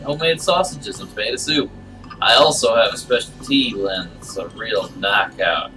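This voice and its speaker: A man reading aloud and voicing a creepy, hunched male butcher who runs an inn, speaking with a lisp and drawn-out, falsely innocent emphasis. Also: on the low side, distant mic, music in the background, close to an everyday voice, low-quality recording. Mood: sly.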